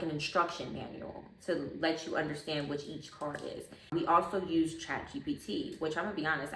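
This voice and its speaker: Woman vlogger, lowish voice, expressive and chatty, a bit off mic in an echoey room. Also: recorded from a distance. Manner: chatty, expressive, calls listener baby. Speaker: spiritual vlogger. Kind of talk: casual storytelling to camera.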